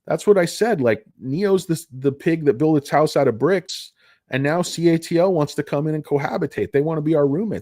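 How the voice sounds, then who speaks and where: A man's voice: a little high, a little fast, warm tone, dry recording, studio quality. A man giving casual, rambling stock commentary, jokey and self-deprecating. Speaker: stock market vlogger.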